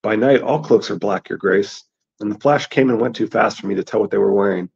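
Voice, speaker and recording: Man plays grave boy seer, measured and grim, husky voice. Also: fairly low pitch, a little mellow. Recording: dull lo-fi recording.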